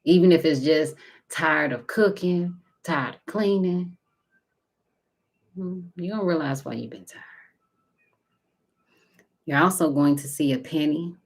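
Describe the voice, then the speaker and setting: A woman giving a casual spiritual tarot reading, talking intimately to viewers and calling them baby and honey, sometimes dropping to a soft whisper. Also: deep voice, measured pace, long pauses. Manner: intimate and chatty, calls listeners baby and honey. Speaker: tarot card reader.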